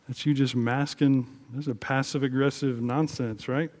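A man's voice: mid-range voice, fairly even intonation, normal speed, few pauses, a little mellow. Earnest male pastor preaching. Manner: earnest, conversational preaching with emphatic rises. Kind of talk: sermon.

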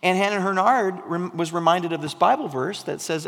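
A male preacher gives an animated, storytelling sermon in a slightly high, gravelly voice. His words carry a long reverb, as in a large hall. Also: moderate pace, hardly any pauses. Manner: animated storytelling, dropping to soft intensity.

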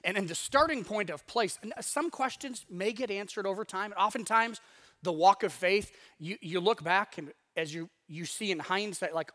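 High-voiced guy preaching, chatty, gets loud then real quiet. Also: normal speed. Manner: conversational, acts out inner voices; wide swings in loudness. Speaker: pastor. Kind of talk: sermon.

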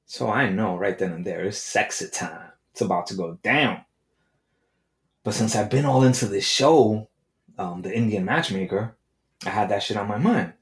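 Man, podcast host, comedic rant, brash and profane, fairly low voice, echoey room. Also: expressive, moderate pace. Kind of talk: comedic monologue.

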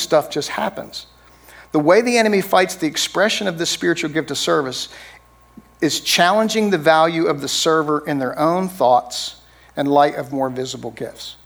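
A middle-aged man preaches a sermon as a pastor, keeping it conversational and often checking in with "right?" tag questions. His voice sits fairly high, moving at a normal speed with vocal fry and long pauses.

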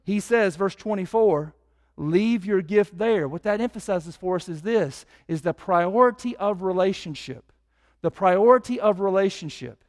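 A man preaching a sermon as pastor, his voice swelling louder and higher when he prays. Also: measured pace.

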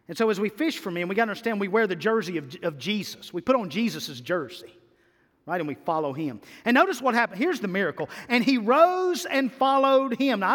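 A male pastor preaching in a church sanctuary with a high, bright-pitched voice. His delivery swings from loud, emphatic bursts to quiet, stretched-out lines. A long reverb trails every phrase. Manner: animated preaching with sudden loud and soft swings. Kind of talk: sermon.

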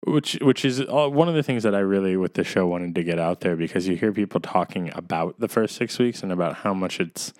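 A man's voice: sits low, brisk, hardly any pauses, no room sound. A young man hosting a podcast, telling stories animatedly and laughing easily. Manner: animated storyteller, quotes others, laughs easily. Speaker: podcast host. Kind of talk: casual chat.

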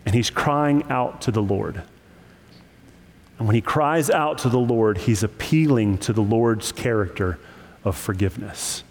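Lively preaching man, echoing hall. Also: fairly low pitch, a little slow. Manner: lively and emphatic, with joking asides. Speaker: pastor. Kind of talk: sermon.

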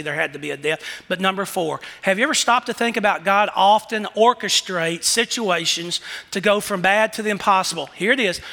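High, bright-voiced preacher in a reverberant hall. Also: male voice. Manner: animated, swings from hushed questions to shouted emphasis. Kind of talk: sermon.

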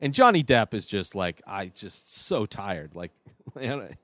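A man hosting his own podcast, giving blunt, rambling opinions in a casual monologue with animated asides. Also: lowish voice, takes it slowly, no room sound. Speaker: podcast host.

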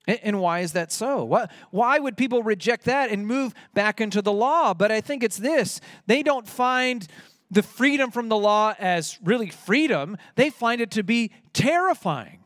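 A man preaching a sermon with a fairly high voice. He grows emphatic and rises in pitch when quoting scripture, then drops low to drive a point home. The sound is dry and close, with no room echo. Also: animated, normal speed, a bit bright. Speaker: pastor.

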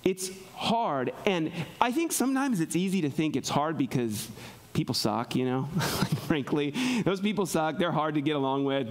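Conversational preacher with a lively, swinging voice. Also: male voice. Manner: conversational, frequent "right?" check-ins; swings between soft low asides and raised emphatic passages. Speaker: pastor. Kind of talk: sermon.

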